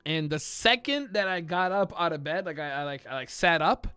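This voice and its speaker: A man streaming a role-play game, telling a story to his chat in a casual, animated way, swearing, laughing and shouting out the lines he acts out. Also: fairly high pitch, moderate pace, clean tone, no echo, faint music behind. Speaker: streamer playing a police officer.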